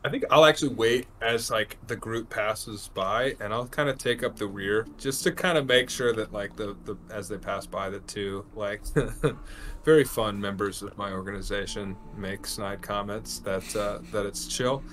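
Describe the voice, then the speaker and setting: A man's voice: on the low side, steady tone, moderate pace, fairly bright tone. A man playing in a tabletop game, talking in a laid-back, joking way. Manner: laid-back, laughing, with fillers. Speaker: player. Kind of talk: casual tabletop play.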